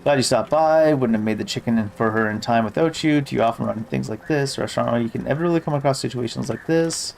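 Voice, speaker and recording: A man's voice: mid-range voice, quick pace, gravelly, hardly any pauses, a little mellow, a little hiss or hum. A man giving casual gameplay commentary who reads game text aloud and swears offhandedly. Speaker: gamer.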